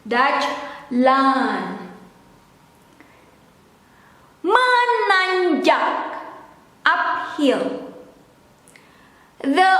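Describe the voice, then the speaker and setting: Woman language tutor, slow and deliberate, high voice, roomy reverberant recording. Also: a bit bright. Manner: explains word by word, sometimes sings the lyrics. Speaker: language teacher. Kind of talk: language lesson with sung lines. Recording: echoey room with long reverb.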